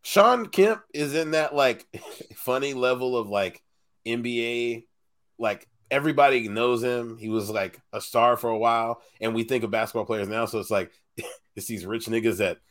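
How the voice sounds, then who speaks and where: A man's voice: medium pitch, moderate pace, a bit bright. A man on a casual podcast, telling stories and laughing often. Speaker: podcast co-host. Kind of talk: casual chat.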